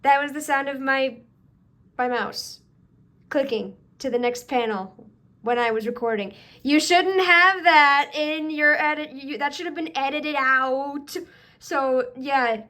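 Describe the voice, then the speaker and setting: A woman's voice: sits high, measured pace, bright, forceful tone. A woman reacting to her own old comic dub, laughing at herself and giving chatty tips. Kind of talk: casual reaction commentary.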